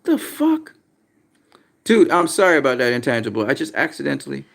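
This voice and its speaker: On a casual livestream about boxing, a man goes through viewer comments, talking bluntly, swearing a lot and getting frustrated easily. His medium-pitched voice is gravelly and a bit bright, and he speaks fast and animatedly.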